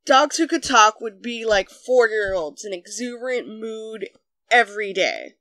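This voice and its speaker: Bright, crisp comment-reading narrator. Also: mid-range voice, animated, measured pace, dry recording. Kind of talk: scripted narration.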